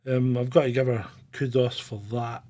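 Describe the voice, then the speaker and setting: A man's voice: medium pitch, level tone, normal speed, warm tone. A middle-aged man from England hosting a casual livestream, rambling and irreverent, often chuckling. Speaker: channel host.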